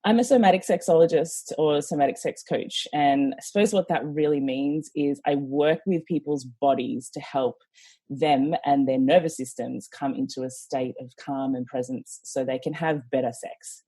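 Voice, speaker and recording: A woman's voice: sits low, normal speed, mellow, husky, dry recording. A woman from Australia with an Australian accent, a guest coach answering interview questions thoughtfully, with many fillers.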